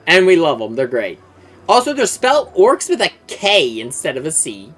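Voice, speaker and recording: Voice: mid-range voice, wildly swooping pitch, moderate pace, fairly bright tone. A game streamer casually explaining game lore, enthusiastic and rambling, with lots of fillers and swearing.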